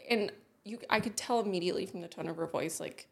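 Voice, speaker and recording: A woman's voice: on the low side, fast talker. Blunt, swearing woman telling a story. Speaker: podcast co-host. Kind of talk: casual chat.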